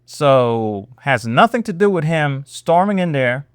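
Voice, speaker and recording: A man hosting a political reaction show, talking in a sarcastic, animated way with many rhetorical questions. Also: fairly high pitch, a little slow, smooth, no echo, studio quality. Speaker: host.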